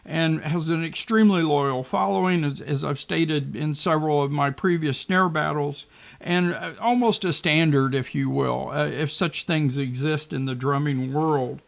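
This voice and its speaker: A man with a gravelly, slightly raised voice talks through a gear comparison. He speaks casually and haltingly, with many ums and repeated words as he weighs his thoughts. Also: on the high side. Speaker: drum reviewer. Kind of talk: casual gear review talk.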